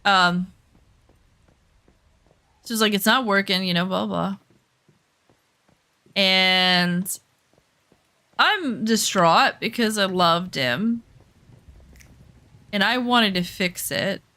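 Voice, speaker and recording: Woman streamer telling a story mid-game, bright sharp voice, swears a lot, acts out her side of old fights. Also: mid-range voice, very slow, pauses often. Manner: candid, swears freely, reenacts her own past arguments. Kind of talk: casual storytelling while gaming.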